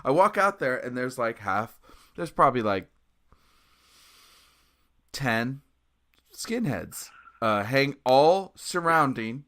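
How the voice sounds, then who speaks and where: A musician guest tells a story with tons of energy, his mid-range voice very animated yet slow, with long pauses and a sharp tone. He acts out the people he quotes and jumps into shrieks and laughter.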